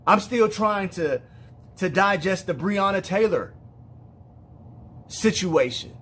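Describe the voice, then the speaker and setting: A man speaking as a father in an emotional personal monologue, weary and heartfelt, halting with repeated words and restarts. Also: sits high, expressive, fairly bright tone, husky. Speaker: father speaking to other parents.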